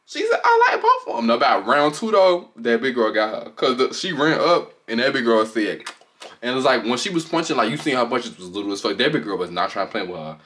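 Speaking fast in a mid-range voice, a vlogger gossips through a casual reaction video, animated and profane. He's recorded on a camera set on a tripod.

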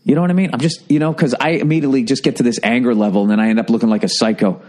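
A man's voice: mid-range voice, steady tone, rapid-fire, darkish tone. A man, ranting casually and profanely as a podcast host at home. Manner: profane, exasperated, mocks others in put-on voices. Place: home room with birds chirping outside.

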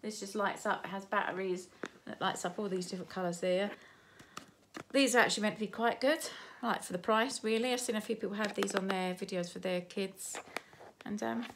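Chatty grandmother with a gravelly voice. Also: mid-range voice, fairly quick, background noise. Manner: chatty, rambling, restarts and trails off. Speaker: vlogger showing a shopping haul. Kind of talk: casual haul chat.

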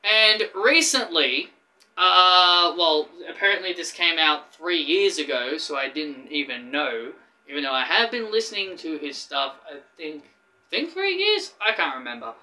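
A man's voice: a little high, unhurried, low-quality recording. An Australian man reacting to a song, chatting in a casual, rambling way. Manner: rambling, excitable, laughs often. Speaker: streamer reacting to a video.

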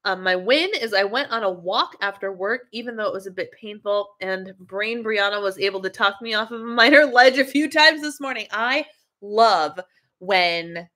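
A woman's voice: medium pitch, moderate pace. A woman who is a wellness coach, chatting on a webcam livestream and reading out viewer comments. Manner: chatty and animated, laughs often.

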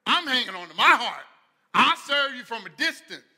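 A stubborn, boastful chicken , as a man puts it on mid-sermon, squawking high and loud about wanting to run free. The voice is piercing and bright, with a long echo from a big hall. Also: very animated, moderate pace, full character voice. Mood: defiant. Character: defiant, freedom-loving runaway chicken.

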